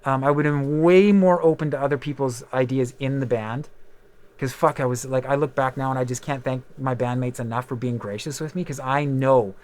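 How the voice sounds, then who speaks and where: Fast-talking man telling candid stories. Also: medium pitch, fairly even intonation, darkish tone. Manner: rambling, candid storytelling with many fillers and swearing. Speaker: podcast host and musician. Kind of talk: casual chat.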